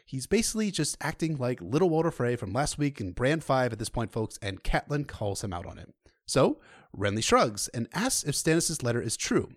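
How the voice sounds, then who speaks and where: A man's voice: on the high side, no echo, studio quality. A man co-hosting a podcast, summarizing a book in a casual, sarcastic and profane way. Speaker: podcast co-host.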